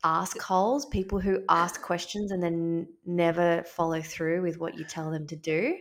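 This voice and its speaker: A woman's voice: on the low side, little pitch movement, unhurried. A young woman chatting candidly as an interview guest, filling her speech with casual "like"s. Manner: chatty, lots of "like" fillers, candid. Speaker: podcast guest.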